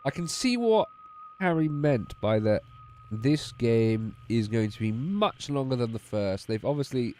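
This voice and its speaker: A man's voice: mid-range voice, expressive, a little slow, dark tone. A man streaming a game, tired and yawning, making wry, sardonic asides. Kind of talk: gameplay commentary.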